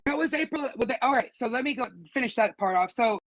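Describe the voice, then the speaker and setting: A woman's voice: fairly high pitch, animated, fast, no room sound, rough recording. A woman with a teenage daughter, telling what happened to her in casual, profane, indignant storytelling. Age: adult with teenage daughter. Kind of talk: casual conversation.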